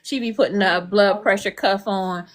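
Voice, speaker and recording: A woman's voice: mid-range voice, moderate pace. An older woman, an author guest, chatting casually and acting out the people in her stories. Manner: animated storyteller, acts out quotes. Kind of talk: casual chat.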